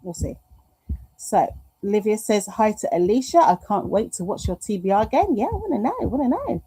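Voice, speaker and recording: Chatty woman with a lively voice. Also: mid-range voice, moderate pace, breathy edge, no room sound, poor audio. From United Kingdom. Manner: chatty, rambling, flustered, affectionate. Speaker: live stream host. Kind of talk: casual chat reading viewer comments. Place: home room.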